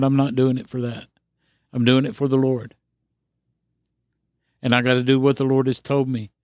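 A man's voice: medium pitch, smooth, no room sound, studio quality. A man preaching a podcast sermon in an earnest, repetitive exhorting manner with frequent restarts.

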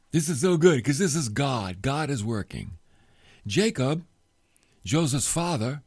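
A man preaching a sermon, retelling a story with expressive, emotional delivery that drops soft at moving points. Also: on the high side, dry recording, studio quality. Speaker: pastor.

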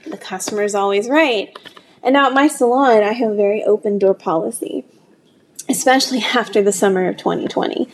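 A woman who owns a small salon tells a personal story in a candid, conversational way with halting restarts. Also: medium pitch, slight background noise. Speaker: small business owner, salon owner. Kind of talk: storytelling talk.

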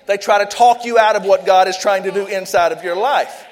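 A man's voice: sits high, fairly quick, some chatter behind. A man with a South Louisiana accent preaching a sermon as pastor, fervent and leading call-and-response. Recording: echoey hall, long reverb.

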